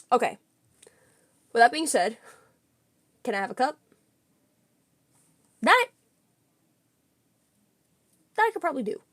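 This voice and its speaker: A young woman streamer chatting casually with her viewers, telling a story in an excitable, giggly way. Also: high voice, slow pace, pauses often, no room sound. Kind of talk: casual livestream chat with viewers.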